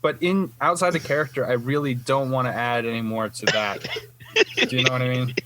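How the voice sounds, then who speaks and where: A man's voice: mid-range voice, fairly even intonation, brisk, bright, forceful tone, no room sound. A man playing a tabletop game, goofy and hesitant with many fillers. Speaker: player. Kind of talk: tabletop role-play chat. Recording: noisy online call with clicks.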